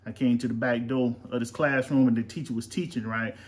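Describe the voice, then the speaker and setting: A man's voice: mid-range voice, fairly even intonation, a little fast. A man, chatting as podcast host and father, rambling with lots of fillers. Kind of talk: casual chat. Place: home.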